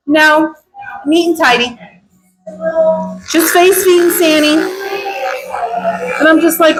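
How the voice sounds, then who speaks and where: A woman dog groomer chatting casually while she works, telling stories with sudden high exclamations. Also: unhurried, pauses often, music in the background, rough recording. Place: grooming salon.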